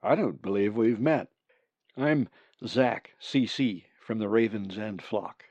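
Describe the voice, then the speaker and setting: A man voicing a big, kind male raven who talks in a steady, reassuring way, recorded dry and a little dull. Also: lowish voice, slow pace, no room sound.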